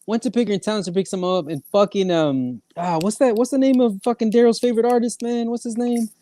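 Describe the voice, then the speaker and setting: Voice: medium pitch, brisk, mellow. A podcast co-host from Canada, telling stories in slangy, profane casual chat and repeating "bro".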